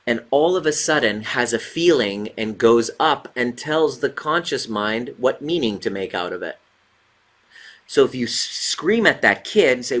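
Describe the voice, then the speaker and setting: A man's voice: mid-range voice, fairly bright tone. A man who works as a relationship coach, giving a casual motivational talk and driving his points home by repeating them. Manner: emphatic, repeats key points.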